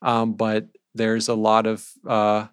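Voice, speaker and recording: A man's voice: on the low side, completely flat delivery, takes it slowly, clear, resonant tone, no room sound. A man co-hosting a film podcast, speaking casually, with lots of "like" and "um" and easy laughter. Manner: hesitant, many fillers, laughs easily. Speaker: podcast co-host.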